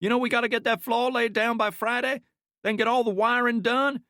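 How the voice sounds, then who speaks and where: A male narrator voicing a big, burly laborer in his forties who has a strangely high-pitched voice and frets over work deadlines. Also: steady tone, fairly quick, bright, forceful tone, no room sound. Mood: fretting. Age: 40s. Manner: complaining, worried about deadlines. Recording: dry studio audiobook recording.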